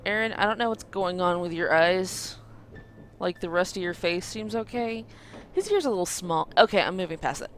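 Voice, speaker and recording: A woman's voice: lowish voice, lively intonation, moderate pace, slight background noise. A woman playing a game and reading its dialogue aloud with jokey asides. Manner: jokey, reads on-screen text aloud with asides. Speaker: let's play gamer.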